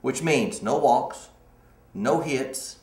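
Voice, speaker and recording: A man's voice: medium pitch, lively intonation, very slow, darkish tone. Guy hosting a morning show, chatty, stumbles over his words, echoey room. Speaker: show host. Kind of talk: casual morning show chat.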